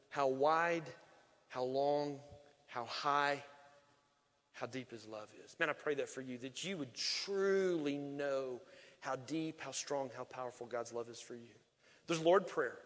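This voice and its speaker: Animated man preaching in a hall. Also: on the high side. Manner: animated, joking asides, emphatic swings in volume. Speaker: pastor. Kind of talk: sermon. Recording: long reverb of a large hall.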